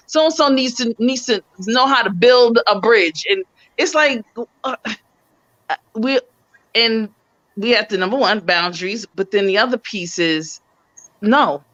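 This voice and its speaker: A woman's voice: fairly high pitch, a bit bright, muffled recording. A woman with a New York accent hosting a casual live-stream chat, repeating words for emphasis. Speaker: host.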